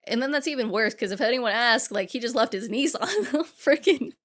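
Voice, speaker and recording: A woman co-hosting a podcast, casually recapping a horror film and acting out characters' lines in quick quotes. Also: a little high, expressive, fairly bright tone. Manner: retells scenes in quick acted-out quotes, swears casually. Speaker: podcast co-host. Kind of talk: casual movie recap chat.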